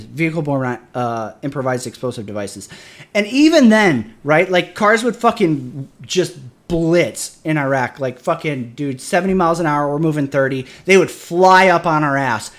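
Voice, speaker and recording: A man's voice: fairly high pitch, big pitch swings, normal speed. A man, a military veteran, chatting casually on a stream and ranting with lots of profanity. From Michigan. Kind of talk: casual chat.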